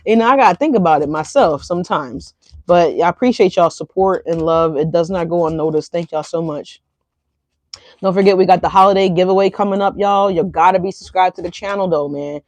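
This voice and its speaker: A woman's voice: on the low side, a little fast, a little mellow, no room sound. A woman giving a casual tarot reading to her viewers, chatty and loose, often adding "right?" and "y'all". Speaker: tarot reader.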